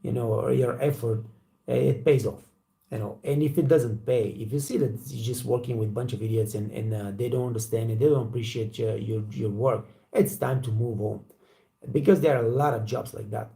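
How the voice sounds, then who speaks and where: Gravelly blunt man. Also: mid-range voice, fairly even intonation, brisk, dark tone. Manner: blunt, profane, storytelling with acted quotes. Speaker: waiter trainer and channel host. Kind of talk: casual motivational talk to camera.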